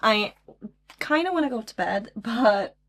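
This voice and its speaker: A young woman chatting casually in a reading vlog, gushing and excitable, swearing often. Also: fairly high pitch, measured pace. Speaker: book vlogger.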